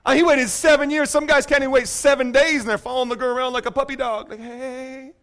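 A man's voice: extremely high pitch, quick pace. A man preaching a sermon in a church, telling a story with jokes and playful asides to the congregation. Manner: joking, animated storytelling. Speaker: pastor.

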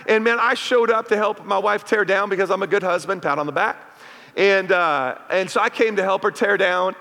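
A man's voice: sits high, brisk, creaky, bright, forceful tone. A middle-aged male pastor preaching a sermon in a church, chatty and full of call-outs to the congregation. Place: church sanctuary. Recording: reverberant hall.

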